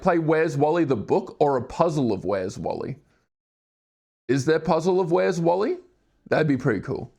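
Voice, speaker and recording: Gravelly young Australian streamer. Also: male voice, a little high, a little mellow. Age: 20s. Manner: rambling, jokey, self-mocking, swears casually. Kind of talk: live-stream commentary while doing a jigsaw puzzle.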